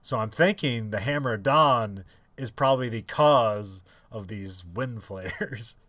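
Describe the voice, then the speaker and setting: A man's voice: on the low side, unhurried, sharp tone, no room sound. A man co-hosting a podcast in casual chat, rambling with many fillers and restarts and laughing often. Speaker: podcast co-host.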